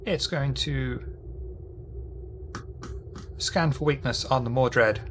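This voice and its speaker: A man's voice: mid-range voice, slow pace, a little hiss or hum. Man running a tabletop game. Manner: relaxed, narrates enemy moves aloud and thinks as he goes. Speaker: game master.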